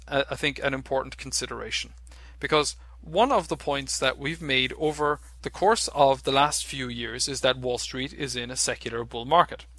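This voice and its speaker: A man with a bright, forward voice talks through markets off the cuff, stopping often on "uh" and restarting his sentences. The sound is dry and close, with no room around it. His pitch sits in an ordinary middle range. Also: dry recording. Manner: halting, many "uh" fillers and restarts. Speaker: market analyst. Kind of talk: unscripted market commentary.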